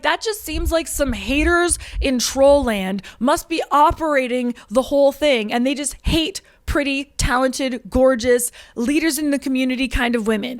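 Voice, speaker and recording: A woman's voice: sits high, no echo, studio quality. A woman in her thirties, from Canada, delivering a casual opinion monologue to camera, emphatic and indignant, laughing often. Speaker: vlogger.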